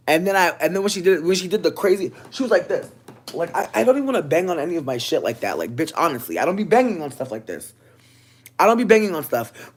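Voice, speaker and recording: A woman vlogging a comic rant about something that happened to her bounces between yelling and under-the-breath muttering, cursing along the way with lots of energy. There's a breathy edge to her voice.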